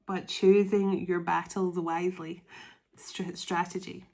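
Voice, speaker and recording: A woman doing a spiritual tarot reading to camera, emotional and excitable, reading card texts aloud. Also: medium pitch, moderate pace, creaky. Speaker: tarot reader.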